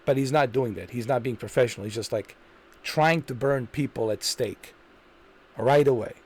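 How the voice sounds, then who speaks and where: A man's voice: mid-range voice, moderate pace, a little mellow, husky. A man hosting a commentary video, ranting in an indignant, repetitive way and hammering the same points. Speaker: commentary channel host.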